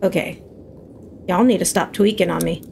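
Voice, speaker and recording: A woman giving let's play commentary on a horror game, excitable and yelling mock exorcisms at the monsters. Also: fairly low pitch, moderate pace, vocal fry, slight background noise. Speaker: gaming commentator.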